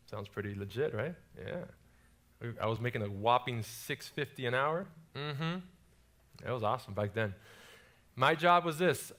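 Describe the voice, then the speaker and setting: A man's voice: mid-range voice, fairly bright tone. A young adult man from South Florida preaching a casual sermon built on personal stories, with lots of energy and repeated words.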